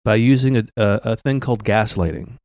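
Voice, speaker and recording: A man hosting a comedy podcast, improvising as a doctor in a deadpan, halting way full of restarts. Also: fairly low pitch, dry recording, clean studio sound.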